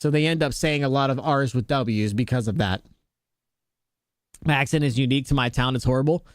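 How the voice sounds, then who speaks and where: A man's voice: fairly quick, no echo, clean studio sound. A young adult man streaming a game, chatting casually with viewers in a laid-back, jokey way. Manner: laid-back, jokey, talks to chat, playful pitch jumps on jokes. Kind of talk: casual chat with live chat while gaming.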